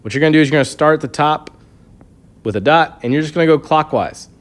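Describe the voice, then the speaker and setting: A man's voice: fairly high pitch, fast. A man teaching a chemistry review lesson, explaining step by step with a patient manner and frequent checks of "okay". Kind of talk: recorded classroom review lesson.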